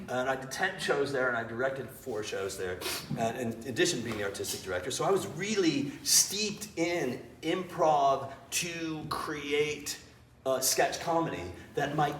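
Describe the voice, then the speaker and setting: A man talks about teaching improv, animated and poking fun at himself. He sits away from the microphone in a reverberant theater, with a faint hiss underneath. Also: fairly high pitch. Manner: animated, self-mocking storyteller. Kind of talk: interview. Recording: roomy, distant mic with faint noise.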